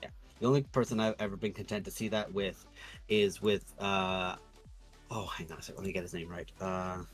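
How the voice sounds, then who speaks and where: A man streaming while he draws, chatting casually in rambling, sweary, animated rants. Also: low voice, normal speed, soft background music.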